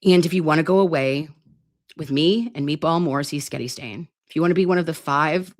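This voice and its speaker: Low-voiced chatty woman streamer. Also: a little fast. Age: 30s. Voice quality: self-described grating voice. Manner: chatty, rambling, playful and crude. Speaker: livestream host. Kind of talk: casual livestream chat. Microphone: computer mic on a live stream.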